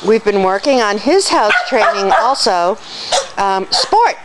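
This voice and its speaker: Slow, affectionate woman among barking dogs. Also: lively intonation. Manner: affectionate, switches to a high sing-song when calling the dogs. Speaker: dog rescue volunteer. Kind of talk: casual video tour introducing dogs. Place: indoors at home among many dogs. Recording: noisy room with dogs barking.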